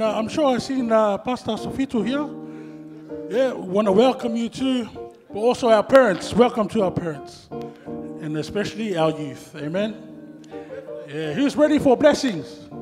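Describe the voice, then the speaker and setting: A man co-hosting a church service, giving easygoing, chatty welcomes to visitors, pastors and the congregation. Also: high-pitched. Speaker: church program co-host. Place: church hall. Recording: hall reverb with guitar behind.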